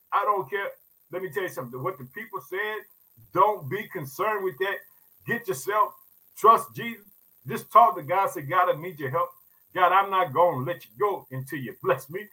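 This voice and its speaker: Fervent high-voiced male preacher. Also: husky, low-quality recording. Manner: repeats "let me tell you something", swings from soft asides to loud scripture reading; calls listeners "family", informal everyday grammar. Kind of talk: sermon reading and explaining a psalm.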